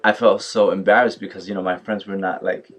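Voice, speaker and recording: A young man telling a story on his vlog in a casual, animated way, full of fillers like "like" and "yo". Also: sits low, brisk. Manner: animated, mimics others in quotes, many fillers like "like" and "yo". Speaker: vlogger.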